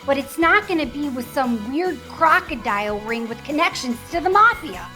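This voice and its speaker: A woman's voice: fairly high pitch, lively intonation, moderate pace, faint music behind, close to an everyday voice. A woman playing a stubborn housewife who firmly scolds a relative over a long-distance phone call. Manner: firm, scolding, exasperated.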